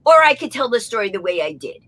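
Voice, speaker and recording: A woman guest telling a comic story with lively delivery, acting out the voices of the people in it. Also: on the high side, quick pace. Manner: animated, acts out the voices in her story.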